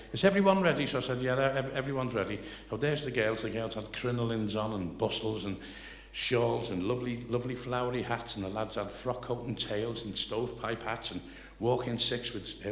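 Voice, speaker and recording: An older man with a Liverpool accent telling rambling, salty anecdotes live on stage, building excitement toward each punchline. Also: mid-range voice, creaky. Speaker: comedian telling stories. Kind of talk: live stand-up storytelling. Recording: echoey live venue, faint noise.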